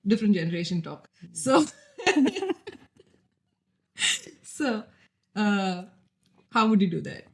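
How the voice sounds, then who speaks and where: A woman's voice: medium pitch, lively intonation, slow pace, creaky, long pauses. A woman hosts a casual podcast. Her voice sits mid-range, and she laughs easily while her questions wind on at length. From India. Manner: chatty, laughing, rambling questions. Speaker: podcast host. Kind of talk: casual chat.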